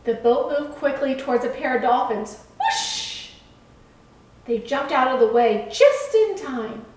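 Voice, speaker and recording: A woman in a church setting reading a children's story aloud in a slow, expressive, kid-friendly way. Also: high voice. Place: church room. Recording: echoey room, far from mic.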